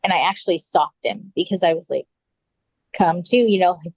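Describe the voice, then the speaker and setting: A woman with a lowish voice tells a personal story as a podcast guest. Her telling is earnest, with frequent throat clearing. The sound is dry and close. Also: fairly even intonation, a little fast, darkish tone, dry recording, poor audio.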